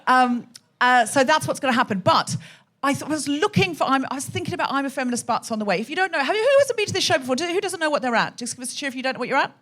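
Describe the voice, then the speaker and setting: A woman's voice: sits high, very animated, very fast, a bit bright. A woman hosting a live comedy podcast on a hot theatre stage, chatting with and teasing the audience. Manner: chatty, teasing crowd work.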